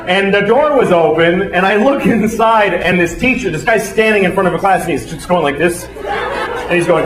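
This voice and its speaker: Crude stand-up comic in an echoey club. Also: male voice, sits high, expressive, moderate pace. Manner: crude, stammering, acts out scenes. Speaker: stand-up comedian. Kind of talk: stand-up comedy. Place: comedy club stage. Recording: echoey room with audience laughter. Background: crowd laughing.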